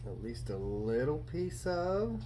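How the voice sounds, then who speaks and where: A man hosting a casual barbecue cooking vlog, relaxed and chatty, thinking aloud with plenty of fillers. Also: mid-range voice, slow pace, slight background noise. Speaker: barbecue channel host.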